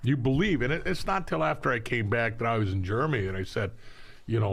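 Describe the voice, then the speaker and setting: Older veteran, gravelly voice, reflective and laughing storyteller. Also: male voice, mid-range voice, fast. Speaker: podcast guest, veteran. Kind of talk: casual storytelling.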